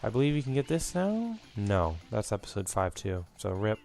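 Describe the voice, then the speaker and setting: A man's voice: on the low side, wildly swooping pitch, moderate pace, vocal fry, darkish tone, soft background music. A young man hosting a let's play, rambling and reminiscing through his commentary with lots of fillers, a bit out of breath.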